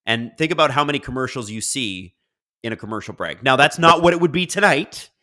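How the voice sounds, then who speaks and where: A man's voice: medium pitch, expressive, brisk, pushed and bright. A man hosting a casual live stream, reading viewer comments aloud and riffing on them in a chatty way. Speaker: livestream host.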